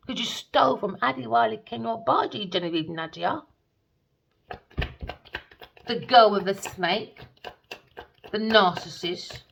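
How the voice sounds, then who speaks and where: A woman's voice: a little high, measured pace, gravelly, long pauses, fairly bright tone, lo-fi sound. A woman doing a tarot reading as a scornful, sarcastic rant, swearing and calling people darling. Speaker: tarot reader.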